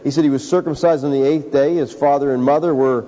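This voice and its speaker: Male pastor, high mellow voice, emphatic sermon delivery, reverberant hall, muffled lo-fi recording. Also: steady tone, fast talker. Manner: emphatic preaching, addresses listeners as folks. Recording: dull lo-fi sound with long hall reverb.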